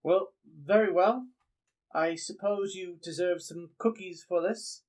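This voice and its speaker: A man's voice: high voice, slow, a little mellow, pitched above the performer's own voice, poor audio. A man voicing a prim, fussy woman who speaks for a small town, huffy and prissy. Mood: indignant.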